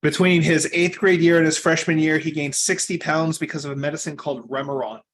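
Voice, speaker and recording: A young adult man giving a coaching talk, telling his own story in an earnest way that moves from loud emphasis to quiet asides. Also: fairly high pitch, fairly even intonation, brisk, a little hiss or hum.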